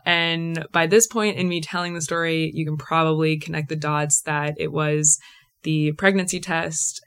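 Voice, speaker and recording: A woman's voice: low voice, a bit bright, clean tone. A young woman hosting a podcast, telling a personal story in a chatty, emotional way full of "like" fillers. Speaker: podcast host. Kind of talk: casual solo storytelling.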